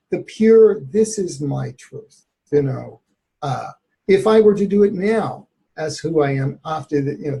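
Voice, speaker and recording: A man with a somewhat high, gravelly voice tells a personal story as a guest. He is a therapist, candid and reflective, and laughs now and then as he recalls it. His voice has a noticeable rasp. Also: warm tone.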